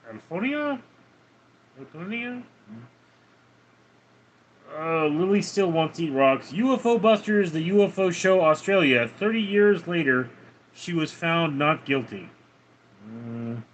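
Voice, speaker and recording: A man's voice: fairly high pitch, animated, measured pace, slight background noise. A man casually chatting on a live stream, reading out viewer names and comments in a laid-back, chuckling way. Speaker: livestreamer reading chat.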